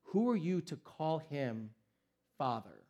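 A man in his thirties preaches with a fairly high voice. He speaks emphatically and slows right down on the phrases he wants to land, then speeds up again between them. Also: sing-song, warm tone, highs cut off. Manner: emphatic, varied pace with slowed stressed phrases. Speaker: pastor. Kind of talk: sermon.

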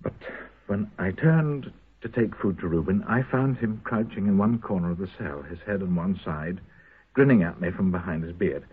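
An actor playing a haunted prisoner who makes a halting, intense confession to his comrades in a 1970s radio drama. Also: low-pitched, slightly rough. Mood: grim. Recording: tinny lo-fi old radio broadcast.

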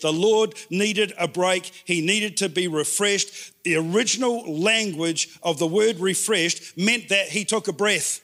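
A man preaching a sermon in an animated way, repeating words for emphasis. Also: high voice, measured pace. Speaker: pastor.

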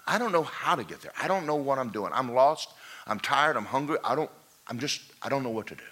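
A man's voice: medium pitch, expressive, brisk, a bit bright, voice pushed up. A man voicing a lost, weary little male jungle creature who keeps pleading for help and repeats himself. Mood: desperate.

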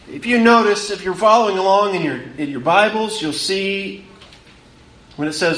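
A man preaching a sermon, emphatic, repeating words for stress and rising, then dropping to hushed tones. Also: high voice, normal speed, reverberant, slight background noise.

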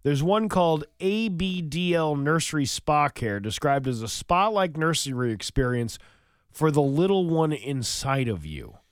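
A man's voice: fairly high pitch, unhurried, clear, resonant tone, no room sound, clean studio sound. A man co-hosting a morning radio show, reading odd news stories and cracking playful innuendo. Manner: playful, innuendo-laden, lively delivery. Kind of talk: reading news items and joking.

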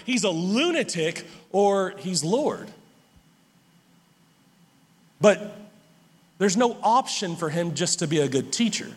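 Pastor guy preaching, high voice, excited and emphatic, echoey church hall. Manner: animated, emphatic preaching with laughs and restarts. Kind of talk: sermon.

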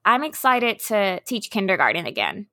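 A woman's voice: medium pitch, very animated, moderate pace, bright, forceful tone, dry recording, studio quality. A woman with a Southern US accent, a kindergarten teacher co-hosting a podcast, giving frank opinions in casual chat.

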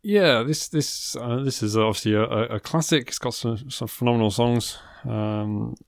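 Brief: male podcast co-host, wry and halting, dead-dry close recording. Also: mid-range voice, gravelly, no echo. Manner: hesitant, dry humour, many restarts. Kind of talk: casual film podcast chat.

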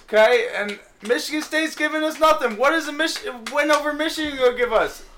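Bright high-voiced man making his point. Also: fairly quick, a little hiss or hum. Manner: argues with short punchy questions. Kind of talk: sports podcast chat.

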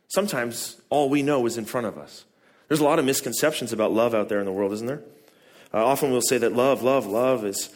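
A man preaching a sermon, emphatic and prone to repeating words and restarting, who climbs high and loud on key phrases. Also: normal speed.

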